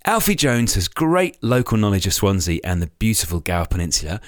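A man's voice: fairly low pitch, big pitch swings, brisk, no room sound, studio quality. Upbeat man hosting a podcast. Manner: upbeat, chatty, teasing. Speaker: podcast host, club chairman. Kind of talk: casual podcast chat.

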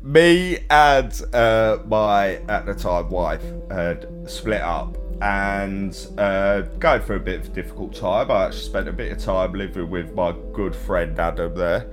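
Slow, low-voiced man. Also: soft background music. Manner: self-mocking storyteller, slow and laughing. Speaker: podcast co-host. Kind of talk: casual chat.

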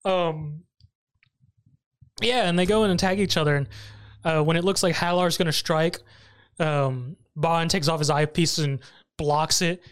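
Laughing, animated podcast host. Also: measured pace, pauses often, smooth. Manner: animated, laughs often, jumps up in pitch when amused. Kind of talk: casual chat recapping an anime episode.

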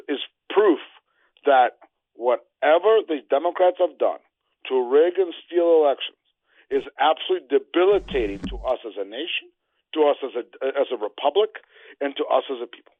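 A man's voice: mid-range voice, lively intonation, fairly quick, dry recording. A man from New Jersey giving heated, emphatic political commentary as a guest. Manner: emphatic, declamatory. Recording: tinny phone line.

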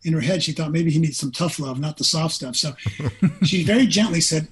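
A man in his sixties, a former pro quarterback, telling a personal story as a podcast guest, earnest and animated, acting out what people said. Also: on the high side, brisk, low-quality recording.

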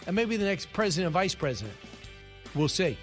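A man's voice: sits high, very animated, soft background music. A man hosting a talk radio show, giving opinionated, emphatic commentary and taking calls. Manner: opinionated, emphatic, quick asides. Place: radio studio.

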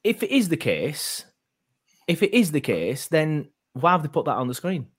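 A man's voice: a little high, big pitch swings, moderate pace, breathy edge. Rambling man hosting a fan podcast. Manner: rambling, hesitant, many fillers and restarts. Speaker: podcast host. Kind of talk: casual fan podcast chat.

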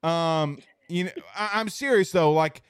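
Smooth-voiced chatty sports host. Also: male voice, a little high, unhurried, no room sound, studio quality. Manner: chatty, enthusiastic. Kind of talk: casual interview.

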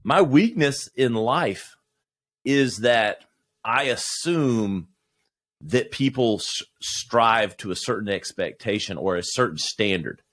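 A man who is a podcast guest, talking in a reflective, halting way with many restarts. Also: mid-range voice, animated, fairly bright tone, dry recording, clean studio sound. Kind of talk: casual conversation.

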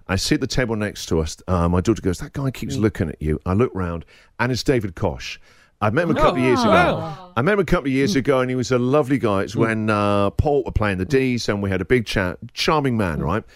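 English radio guy, middle-aged, tells stories all over the place pitch-wise, laughing a lot. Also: no room sound, studio quality. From England. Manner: animated storyteller, laughs through his own anecdote. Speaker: radio show host. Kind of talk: breakfast radio chat.

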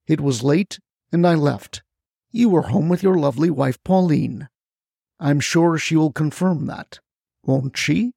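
A man voicing a scheming male landfill mogul who talks in a calm, smooth, persuasive way. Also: a little high, unhurried, no echo, studio quality, full character voice.

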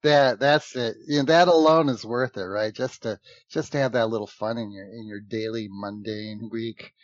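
A man who performs improv, chatting casually, animated and laughing often, restarting his sentences. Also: mid-range voice, normal speed, no room sound. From United States. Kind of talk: casual conversation. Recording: dull, dry lo-fi sound.

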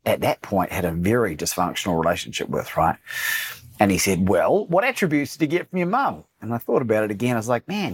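A husky, fairly low-pitched Australian man, a coach, recounts a personal story as a guest on a podcast interview. He tells it with animation, acting out what others said.

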